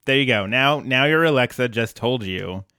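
A man's voice: medium pitch, lively intonation, pushed and bright, clean tone, no room sound, studio quality. A man co-hosting a podcast, recapping a cartoon episode in casual chat with an easygoing, wry manner. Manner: wry, easygoing, quick quips. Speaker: podcast co-host.

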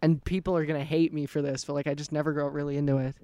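A man's voice: on the high side, level tone, racing, dark tone, clear, resonant tone, dry recording. A man co-hosting a podcast, joking and teasing in a loose, rambling casual chat. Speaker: podcast co-host. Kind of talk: casual chat among friends.

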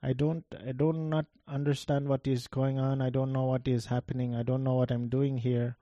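A man putting on an Indian accent to voice a bewildered older immigrant man in court, who speaks haltingly. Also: medium pitch, little pitch movement, dark tone, dry recording, lo-fi sound, lightly acted.

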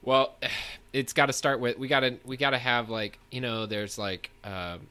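A man's voice: mid-range voice, steady tone, moderate pace, bright, forceful tone, clean tone. A man in casual comedic chat, laid-back and rambling, often trailing off.

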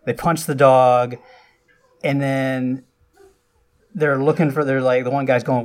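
A man casually retelling a film's plot for a podcast, chatty and loose, with frequent asides and lively bursts. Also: mid-range voice, slow pace, long pauses. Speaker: podcast host recapping a film. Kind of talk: casual film recap.

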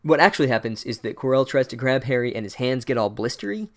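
A man's voice: medium pitch, very animated, fast. A man giving an irreverent, sarcastic comedic recap of a book, casual and full of asides.

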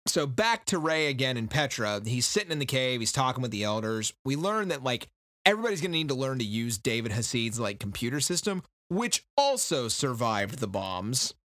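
Guy recapping a book on a podcast, bright tone, jokey, tosses in little voices. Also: medium pitch, big pitch swings, dry recording, studio quality. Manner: loose, joking, quotes characters in quick impressions. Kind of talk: casual chat.

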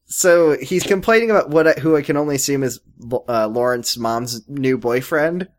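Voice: mid-range voice, moderate pace, few pauses. A podcast co-host recapping a TV episode in casual chat, joking and restarting sentences often.

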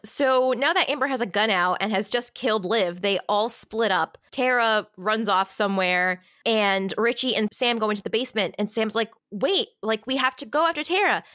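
A woman's voice: medium pitch, normal speed, hardly any pauses, fairly bright tone, no echo, clean studio sound. A woman co-hosting a podcast and casually retelling a horror film's plot. She swears a lot and laughs often. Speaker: podcast co-host. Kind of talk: casual film recap chat.

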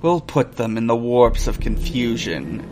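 A man voicing a polite male android crewman in a measured, formal way. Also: medium pitch, sing-song, darkish tone, slight background noise, pitched below the performer's own voice. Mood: calm.

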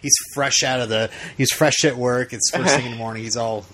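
A woman co-hosting a casual podcast chat, jokey and laughing, with halting fillers. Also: extremely low pitch, a bit bright. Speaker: podcast co-host.

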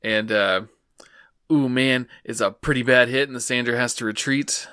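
A man summarizing anime plot points in casual chat, calmly and with many fillers. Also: medium pitch, normal speed, clear, resonant tone, dry recording, studio quality. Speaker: podcast co-host recapping an anime episode.

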